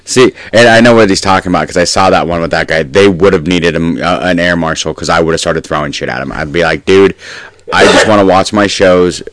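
Deep voiced cohost guy, swears a lot, dead dry sound. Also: quick pace, few pauses, a bit bright, dry recording. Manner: blunt, profane joking. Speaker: podcast co-host. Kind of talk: casual podcast chat.

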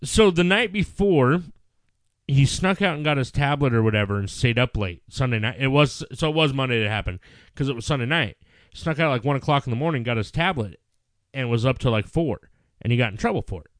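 A man's voice: mid-range voice, a little fast, no echo, studio quality. A middle-aged man, a podcast co-host, telling stories in casual chat with lots of swearing. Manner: profane, animated storyteller.

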